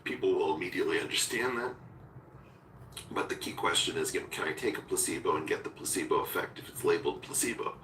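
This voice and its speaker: A man in a philosophical conversation, talking deliberately and searching for words, using technical terms. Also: low-pitched, a bit bright. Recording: roomy echo from far off with faint noise.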